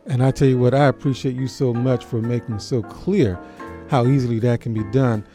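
A man hosting a radio interview, giving warm praise and a formal sign-off. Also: mid-range voice, fairly even intonation, moderate pace, soft background music. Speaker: interview host.

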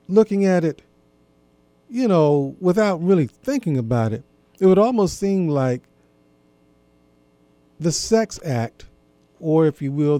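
A man giving an earnest, gently instructive talk to listeners about marriage, often repeating himself. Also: on the high side, no room sound. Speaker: marriage and intimacy speaker.

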